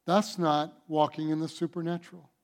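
Male pastor, high voice, emphatic sermon delivery with sudden loud and soft turns. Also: flat delivery, moderate pace. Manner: emphatic, swings from loud declarations to soft asides, acts out doubting voices.

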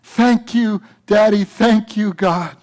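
A man voicing an excited little boy who keeps pleading for a baby sister, eager and repetitive. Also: sits high, takes it slowly, pitched above the performer's own voice. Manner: eager, breathless, repeating himself.

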